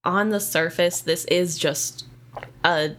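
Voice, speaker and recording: A woman's voice: on the low side, fairly even intonation, slow pace, a bit bright. A woman co-hosting a casual book discussion podcast, thoughtful and conversational, with "um" and "like" fillers. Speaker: podcast co-host.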